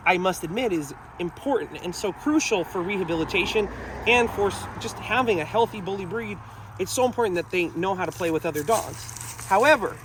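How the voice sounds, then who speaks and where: Outdoors in a town, a dog trainer gives a training talk to the camera, cheering on viewers he repeatedly calls folks. His voice sits high, and the background is noisy.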